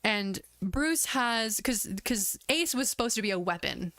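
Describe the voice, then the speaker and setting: A woman's voice: medium pitch, a little slow, no room sound. A woman streaming, chatting casually and retelling scenes with acted-out quotes and lots of fillers. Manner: animated retelling, acts out quoted lines, lots of "like". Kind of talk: casual chat.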